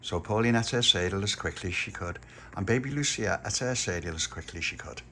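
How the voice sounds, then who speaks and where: Lively man telling a story. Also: low voice, quick pace, background noise. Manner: lively, folksy.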